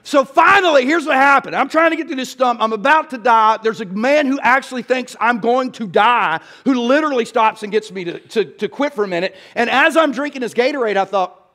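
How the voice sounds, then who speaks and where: A man's voice: very high voice, brisk, pushed and bright. A male pastor, preaching a sermon in a church in a folksy, storytelling way and asking the crowd "y'all".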